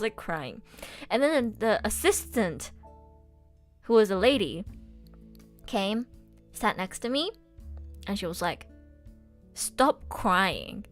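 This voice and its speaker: A young woman streamer telling a personal story in a casual, chatty way, full of "like" and asides. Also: mid-range voice. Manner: animated, chatty, many fillers like "like". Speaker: streamer and voice actor.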